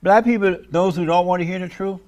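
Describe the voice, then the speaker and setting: Man, talk show host, interview, teasing, provocative, laughs often, slightly high voice. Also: a little fast, darkish tone, muffled recording.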